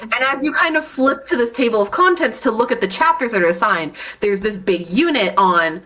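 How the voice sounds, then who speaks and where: A woman's voice: a little high, expressive, fairly quick, a bit bright. A woman narrating a tabletop role-playing game as game master, rambling with many fillers.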